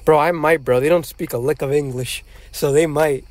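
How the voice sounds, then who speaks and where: A man's voice: fairly high pitch, fairly even intonation, moderate pace, a little mellow. A young man co-hosting a podcast, joking and teasing in slangy casual chat. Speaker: podcast co-host.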